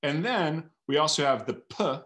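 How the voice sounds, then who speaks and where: Animated man thinking aloud. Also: on the high side, moderate pace. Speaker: guest author. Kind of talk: casual interview chat.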